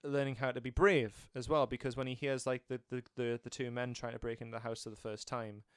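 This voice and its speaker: A man's voice: mid-range voice, fairly quick, clear, resonant tone, dry recording, studio quality. A man in casual chat about a film, retelling scenes and acting out the characters' lines. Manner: animated storytelling, acting out scenes. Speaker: film reviewer.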